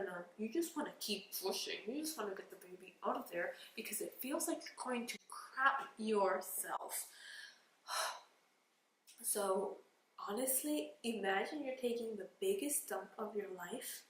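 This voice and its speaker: A woman's voice: mid-range voice, a bit bright. A young woman vlogger sniffling as she tells a candid, emotional personal story to camera, slipping into whispered asides, recorded at home on a camera mic. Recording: roomy echo with faint background noise.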